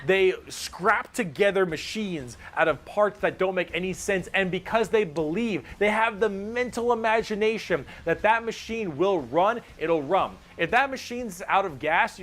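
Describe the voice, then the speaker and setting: Excitable man with a slightly high voice. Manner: excitable, swears and jokes freely. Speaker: video narrator explaining game factions. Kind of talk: casual enthusiastic explainer.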